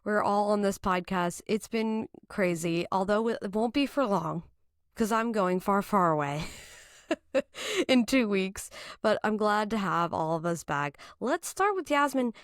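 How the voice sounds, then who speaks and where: A woman's voice: mid-range voice, expressive, unhurried, no echo, studio quality. A young woman hosting a casual motorsport podcast, bubbly and laughing often. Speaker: podcast host. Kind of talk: casual chat. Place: home, in Boston.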